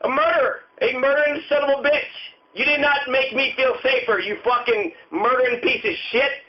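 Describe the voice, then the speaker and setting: A man with a very high-pitched voice delivers a furious rant full of cursing and repeated lines. The sound is dull and lo-fi, with the top end muffled. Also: steady tone, normal speed. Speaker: commentator. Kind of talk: angry profane rant.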